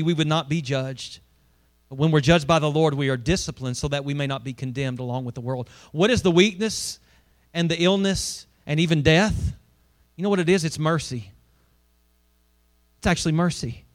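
A middle-aged male pastor preaching a sermon in a conversational way, asking the congregation questions as he reads scripture. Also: high-pitched.

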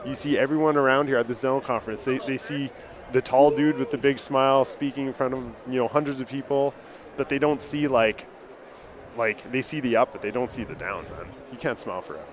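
A man's voice: medium pitch, fairly quick. A male dentist hosting a podcast, talking earnestly and emotionally, often repeating words as he speaks. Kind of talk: emotional casual conversation. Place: conference booth. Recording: busy conference hall crowd. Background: crowd chatter.

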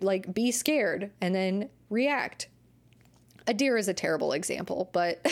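A woman's voice: medium pitch, darkish tone. A young adult woman hosting a casual solo podcast about dog training, chatty and rambling, often correcting herself and laughing at her own examples.

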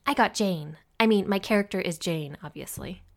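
A giddy young woman, voiced by a female narrator, chatters along with quick, eager excitement. Her voice sits fairly low, with a gravelly texture. The reading sounds like an audiobook. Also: close to an everyday voice. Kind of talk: audiobook character voice.

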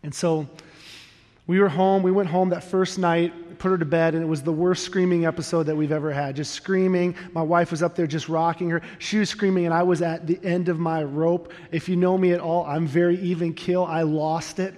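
A man's voice: on the high side, fairly even intonation, normal speed, a little mellow. A middle-aged man preaching a sermon, telling a personal story candidly and earnestly, with self-deprecating humor. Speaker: pastor. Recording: long reverb of a large hall.

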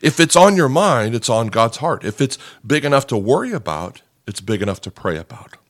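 An earnest male pastor preaching a sermon in a conversational way, stumbling over repeated words and often asking "okay?" of his listeners. His voice sits at a middle pitch. The recording is dry and close, with no room sound. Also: sing-song, brisk, no echo. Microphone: podcast microphone.

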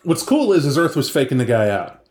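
A man's voice: mid-range voice, big pitch swings, a little fast, a little mellow. A man hosting a podcast, casually and animatedly retelling a tabletop game session he ran, with many asides. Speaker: podcast host and game master. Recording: echoey room.

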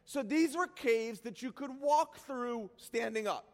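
Animated, self-mocking male pastor with a high voice; sermon story in a hall with long reverb. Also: unhurried. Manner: animated, self-deprecating, bursts into shouts.

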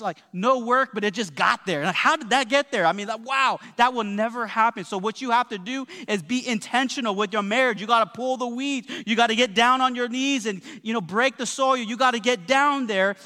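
A man in his thirties preaching a lively, joking sermon with frequent asides to the congregation. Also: high voice. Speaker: pastor. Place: church sanctuary. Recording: long hall reverb.

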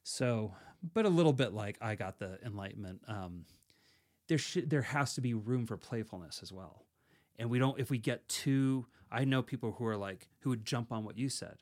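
A man's voice: mid-range voice, lively intonation, moderate pace, darkish tone. A man co-hosting a podcast and teaching meditation in casual chat, rambling and self-correcting, laughing easily.

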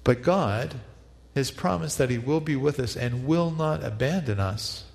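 A man's voice: mid-range voice, animated, a little slow, gravelly, long reverb tail. A man preaching a reflective New Year sermon as pastor, leading listeners in repeated prayer.

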